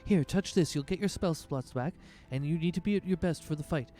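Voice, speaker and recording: A man voicing a helpful male arena attendant who speaks in a brisk, matter-of-fact way. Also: fairly high pitch, mellow, voice pushed up, lightly acted.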